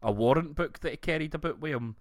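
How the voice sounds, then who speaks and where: A Scottish man co-hosting a podcast, telling stories in a sweary, animated way. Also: fairly high pitch, fast talker, dry recording, studio quality. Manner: sweary, animated storytelling with laughs. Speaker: podcast co-host. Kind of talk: casual chat.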